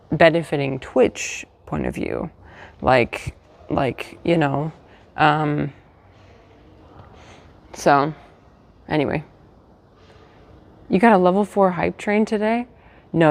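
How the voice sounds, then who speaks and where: Low, gravelly-voiced woman streamer chatting. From United States. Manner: chatty, rambling, many fillers and restarts; trying to keep her voice down. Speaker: livestreamer. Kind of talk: casual live-stream chat. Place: hotel room.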